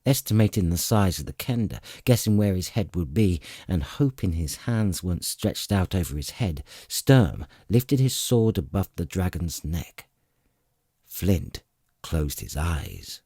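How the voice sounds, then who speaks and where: Deep, husky male audiobook narrator. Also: unhurried, no echo, studio quality. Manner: dramatic, expressive storytelling. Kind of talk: scripted fantasy narration.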